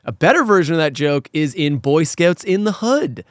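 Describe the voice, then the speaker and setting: A man's voice: on the high side, sing-song, normal speed, dry recording, clean studio sound. A man co-hosting a podcast, ranting casually about a cartoon episode with exasperation, swearing and acting out quotes. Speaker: podcast co-host. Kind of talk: casual chat.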